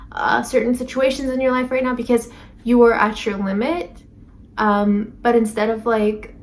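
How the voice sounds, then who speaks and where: A woman's voice: fairly high pitch, slight background noise. A woman giving a casual tarot reading to camera, rambling with lots of fillers and self-corrections. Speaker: tarot reader.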